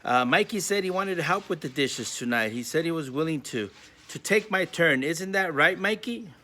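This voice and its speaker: A man's voice: on the high side, lively intonation, moderate pace, bright, forceful tone, a little hiss or hum, pitched above the performer's own voice. A man voicing a sly young girl who bosses her brother, telling a story to a school.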